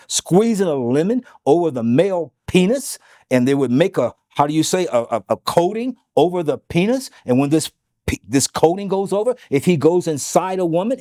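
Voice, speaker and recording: A fairly high-voiced man tells stories in a lively, swooping way and acts out every quoted line. His tone is dark and mellow. The recording is close and dry. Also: dry recording. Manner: animated storyteller, acts out quoted dialogue; repeats "okay?" to drive points home. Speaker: interview guest. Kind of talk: storytelling interview.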